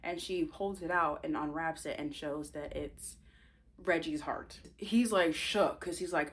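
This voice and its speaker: A woman's voice: low voice, moderate pace. A woman casually retelling the plot of her novel, chatty and rambling, teasing her viewers with asides. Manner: chatty and animated, rambling, self-interrupting.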